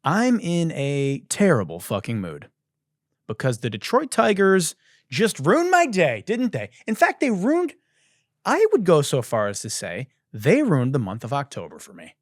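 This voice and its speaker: Animated, swearing male podcast host. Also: medium pitch, moderate pace, no echo, clean studio sound. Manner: animated, profane ranting. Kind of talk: comedic monologue.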